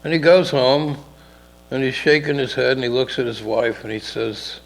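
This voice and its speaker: A man's voice: medium pitch, moderate pace, gravelly, slight background noise, low-quality recording. A middle-aged man co-hosting a casual talk show, telling a rambling story and acting out the people in it. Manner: rambling, acts out characters in dialogue. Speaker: podcast co-host telling a story.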